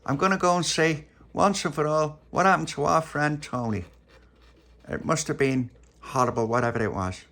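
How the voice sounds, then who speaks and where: A man voicing an excitable, nervous young girl who talks breathlessly and dramatically. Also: on the high side, moderate pace, creaky, pitched above the performer's own voice. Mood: dramatic.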